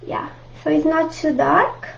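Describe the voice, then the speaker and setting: Brief: Italian-accented woman art teacher, high and a bit gravelly, chatty, lo-fi livestream audio. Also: steady tone, measured pace. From Italy. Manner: chatty, warm asides to viewers, frequent laughs. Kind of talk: live online painting class. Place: home art room. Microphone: camera mic at close range.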